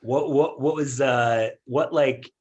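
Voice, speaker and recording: A man's voice: medium pitch, takes it slowly, darkish tone, lo-fi sound. A man co-hosting a comedy podcast, asking questions in a joking, playful way. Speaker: podcast co-host. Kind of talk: casual comedy chat.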